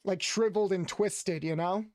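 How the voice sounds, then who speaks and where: A man's voice: sits high, fairly even intonation, normal speed, a little mellow, no room sound, clean studio sound. A man streaming a video game, chatting playfully with his viewers in a loose, rambling way. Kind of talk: casual gameplay commentary. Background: faint game music.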